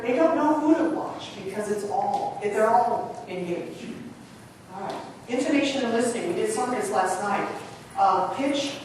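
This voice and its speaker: A choral conductor leads a workshop from the stage of a large, echoing conference hall, teaching choir technique in a lively, chatty lecture and acting out whispered demonstrations. Her medium-pitched voice arrives from a distance with a long reverb tail, a little hiss or hum, and an audience murmuring behind her.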